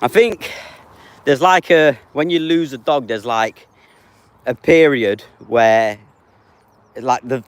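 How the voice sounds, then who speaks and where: Male streamer, 30s, casual and chatty, answers chat directly. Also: medium pitch. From England. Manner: reads out viewer names and answers them offhand. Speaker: live streamer.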